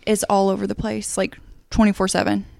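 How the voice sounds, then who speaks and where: A young woman co-hosting a casual podcast, relaxed and supportive as she shares her own habits. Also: medium pitch, brisk, creaky, dry recording, clean studio sound. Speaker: podcast co-host. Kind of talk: casual chat.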